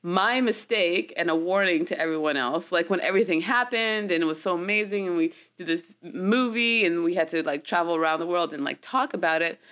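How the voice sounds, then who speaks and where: A woman's voice: fairly low pitch, brisk, hardly any pauses, fairly bright tone. A woman from the United States, an actress, telling a story in a casual interview in a chatty way, with frequent laughs and many fillers.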